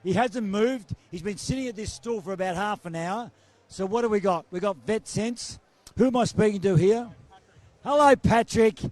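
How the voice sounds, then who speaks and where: A man's voice: sits high, normal speed, darkish tone. A man hosts a trade night, strolling between stands and chatting jovially with exhibitors while his voice wears thin. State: voice wearing thin. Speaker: roving event host. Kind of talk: casual roving interview. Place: trade show floor.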